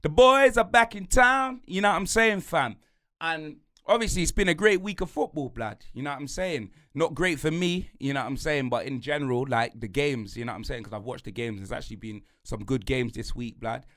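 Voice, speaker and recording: A young man with a London accent, hosting a sports podcast and ranting in rapid, slang-heavy banter. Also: a little high, fairly bright tone. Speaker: podcast host.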